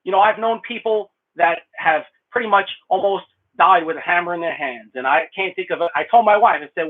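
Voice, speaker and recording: A man's voice: fairly high pitch, animated, brisk, phone-quality sound. A middle-aged man chatting casually on a live stream from a small room, talkative and rambling, laughing often as he thanks viewers. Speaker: blacksmith streamer answering viewer questions.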